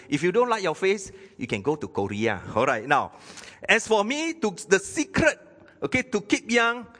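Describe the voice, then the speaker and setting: A man preaching a sermon, asking the congregation questions and tagging lines with "okay". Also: fairly high pitch. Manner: animated preaching, rhetorical questions, frequent "okay". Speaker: pastor. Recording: long hall reverb.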